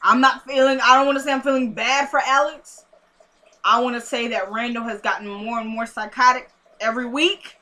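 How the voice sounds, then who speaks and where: Bright-voiced chatty young woman. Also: on the high side, brisk. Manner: chatty, addresses viewers directly, animated. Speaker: TV episode reviewer. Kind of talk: casual recap to camera.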